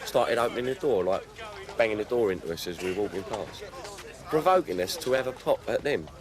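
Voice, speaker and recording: Blunt low-voiced man. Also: lively intonation, brisk, a crowd in the background. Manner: blunt, storytelling, acts out quotes. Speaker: football supporter. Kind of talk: telling an anecdote in an interview. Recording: street noise outdoors.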